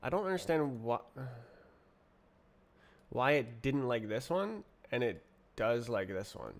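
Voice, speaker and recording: A man talks slowly and half to himself while he codes on a live stream, stopping and starting as he puzzles over things. His voice sits at an ordinary middle pitch, and keys clatter behind him. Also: sing-song. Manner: muttering to himself while typing, puzzled and halting. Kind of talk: casual livestream coding chat.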